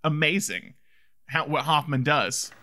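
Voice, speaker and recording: A young man co-hosts a casual chat about films, excitable and gushing, with plenty of fillers. His voice is a touch high and very bright and forward. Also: unhurried. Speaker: podcast co-host.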